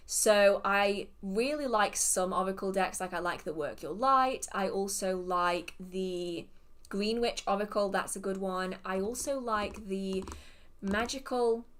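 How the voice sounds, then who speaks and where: An English woman hosting a casual live Q&A at an ordinary mid pitch. She is chatty and self-deprecating and quick to laugh, and mutters and hums to herself between questions. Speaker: host of a live witchcraft Q&A. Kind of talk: casual livestream Q&A.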